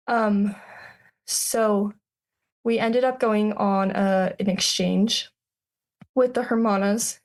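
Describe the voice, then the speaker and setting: Young woman with a gravelly edge. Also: mid-range voice, steady tone, a little mellow. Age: 20s. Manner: halting, many fillers and restarts. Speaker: podcast guest. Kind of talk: personal storytelling in an interview.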